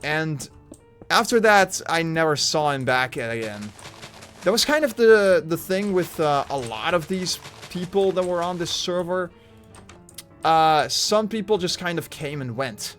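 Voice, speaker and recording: A male streamer with a slightly raised voice talks loosely through his game, restarting sentences and filling pauses with "uh". Quiet music plays under his chatter. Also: a little high, expressive. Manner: rambling, many fillers and restarts. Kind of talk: casual Minecraft livestream commentary. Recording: faint music behind.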